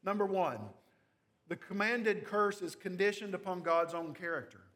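A man's voice: sits high, steady tone, normal speed, fairly bright tone. A man pastor preaching an expository sermon, emphatic, stressing key phrases with wry asides.

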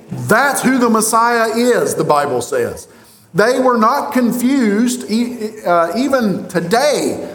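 A man with a fairly high voice preaches a sermon slowly and deliberately. He presses his points with rhetorical questions and pauses. The sound is roomy and echoey, as in a church sanctuary. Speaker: pastor. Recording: roomy echo.

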